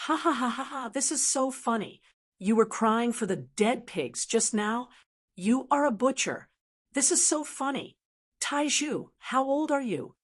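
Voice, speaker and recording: A woman's voice: a little high, expressive, measured pace. A woman voicing a laughing townsperson who teases someone in a mocking way. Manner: teasing, laughing.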